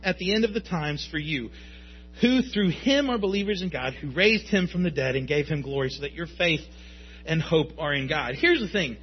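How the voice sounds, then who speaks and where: A man in his thirties preaches with emphatic force, now and then rising to a shout. His voice sits high and a little husky. The recording is dull and lo-fi. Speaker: pastor. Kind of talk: sermon.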